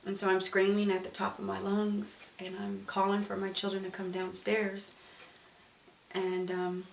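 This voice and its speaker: A woman recounts her own experience in a candid, emotional testimony, halting often with pauses and fillers. Her voice is mid-pitched. It sounds roomy and picked up from some distance, with faint noise underneath. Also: monotone, creaky. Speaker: survivor telling her story.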